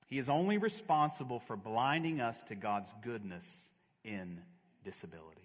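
A male pastor preaching a sermon, swinging from hushed, slow lows to fervent, louder peaks. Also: animated. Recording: long hall reverb.

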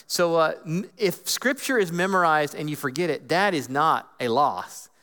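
A man's voice: a little high, normal speed. Earnest man teaching, reverberant room. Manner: earnest, animated, acts out inner voices. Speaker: guest speaker on Scripture. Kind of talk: casual teaching talk. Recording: long hall reverb.

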